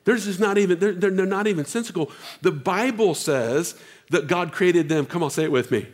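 A male pastor preaching a sermon, moving between casual asides to the congregation and loud exhortation. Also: sits high, normal speed.

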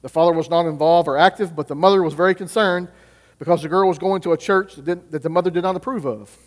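A man's voice: a little high, steady tone, quick pace. A man, a youth pastor, preaching a sermon and asking the congregation questions he then answers himself. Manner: asks the audience rhetorical questions and answers them. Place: church with reverberant hall. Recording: long reverb of a church hall.

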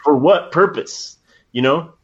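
A man's voice: on the high side, slow, dull audio. A man in casual podcast chat, blunt and emphatic, swearing as he agrees.

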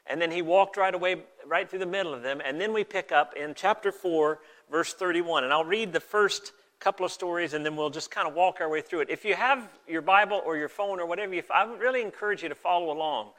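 A man preaching to his congregation in an easy, conversational way, with folksy asides. His voice sits a little high and sounds bright and forward. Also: quick pace, few pauses. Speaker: pastor. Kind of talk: sermon with scripture reading.

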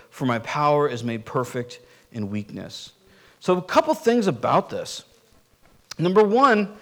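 A man preaching a sermon in a conversational, animated way, often acting out quoted voices. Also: high-pitched. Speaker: pastor.

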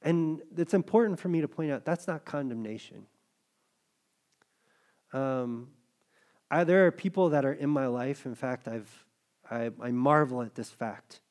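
A man's voice: medium pitch, a little slow, long pauses, a little mellow. A middle-aged male pastor preaching a sermon in a conversational, joking way. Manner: conversational preaching, jokes with the congregation.

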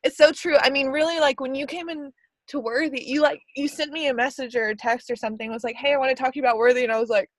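A young woman hosting a podcast in casual chat, bubbly and quick to laugh, filling her talk with "like". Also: high voice, steady tone, no echo. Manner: bubbly, laughs often, many fillers. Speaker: podcast host.

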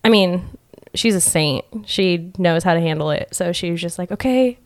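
A woman's voice: lowish voice, steady tone, normal speed. A young adult woman chatting openly on a podcast and laughing often. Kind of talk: casual podcast chat.

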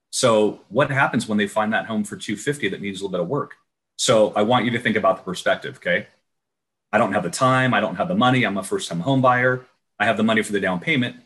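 A man giving a lively webinar talk on renovation loans over a video call, coaching his listeners and acting out client conversations. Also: on the low side. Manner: energetic, coaching, acts out client dialogue. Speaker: renovation loan trainer. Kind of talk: webinar presentation.

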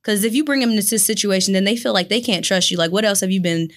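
A woman's voice: mid-range voice, racing. Blunt, opinionated woman podcaster. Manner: blunt, opinionated, laughs often. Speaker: podcast co-host. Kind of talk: casual podcast chat.

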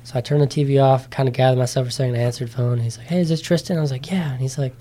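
In a relaxed interview, a young man of nineteen talks through his experience in an easygoing, chatty way. He fills his speech with ums and likes, and his voice lifts when he acts out what others said to him. His pitch sits in an ordinary middle range. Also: racing. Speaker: interview guest, competitor. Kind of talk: casual interview storytelling.

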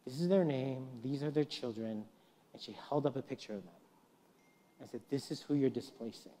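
With a medium pitch and moderate pace, a middle-aged guest preacher tells stories in his sermon, imitating those he quotes and shifting from quiet to loud. A long church-hall reverb surrounds the recording.

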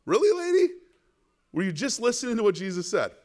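A male pastor with a high-pitched, fast voice preaches a sermon in an animated way. He throws rhetorical questions at the congregation and acts out the biblical characters in the story.

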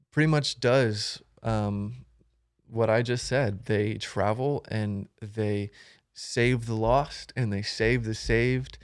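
A man's voice: medium pitch, dry recording, studio quality. A young man, a guest on a podcast, talking casually and rambling with many ums and restarts. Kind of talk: casual conversation.

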